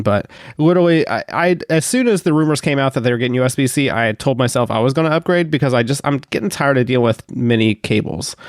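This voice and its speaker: A man's voice: medium pitch, no echo. A man co-hosting a casual podcast chat while sick, speaking with dry, teasing humor. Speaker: podcast co-host; small business owner.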